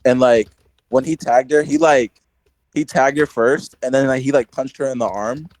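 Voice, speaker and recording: Young male podcast host, casual, animated storyteller, dry close sound. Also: mid-range voice, moderate pace, no room sound, rough recording. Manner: animated storyteller, heavy "like" filler, acts out quotes.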